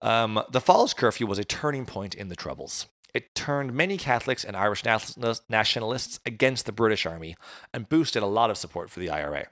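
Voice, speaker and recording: A man's voice: on the low side, animated, brisk, a bit bright, no room sound, studio quality. A man recounting history in a casual chat, with jokey asides. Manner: conversational storytelling, jokey asides. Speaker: podcast host.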